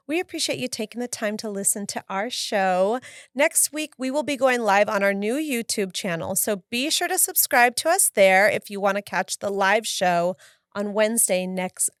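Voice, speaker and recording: A woman's voice: mid-range voice, no echo, clean studio sound. A woman in her forties co-hosting a live podcast in casual chat, bubbly and teasing, laughing often. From Southern California. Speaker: podcast co-host.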